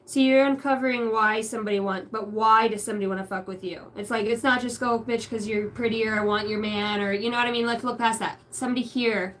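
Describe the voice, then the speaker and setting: A woman's voice: fairly high pitch, quick pace, few pauses, a bit bright, slight background noise. A woman giving a channeled tarot reading, rambling through names and numbers and swearing casually. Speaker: psychic reader.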